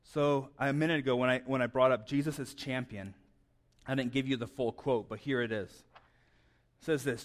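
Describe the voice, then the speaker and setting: A man's voice: mid-range voice, steady tone, normal speed. Chatty, stammering man preaching. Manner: conversational, stammers and repeats words. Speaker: pastor. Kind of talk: sermon.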